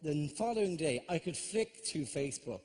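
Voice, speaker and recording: Irish comedian with a lively, high-set voice. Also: male voice, moderate pace. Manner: chatty storyteller, often adds "right?". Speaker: stand-up comedian. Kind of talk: live stand-up comedy.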